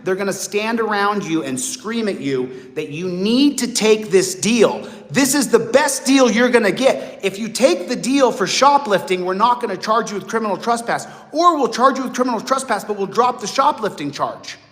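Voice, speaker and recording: Man, late forties, high voice, blunt, profane, animated monologue, long reverb. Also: normal speed, hardly any pauses. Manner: animated, acts out voices of others. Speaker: host. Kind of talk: monologue to viewers.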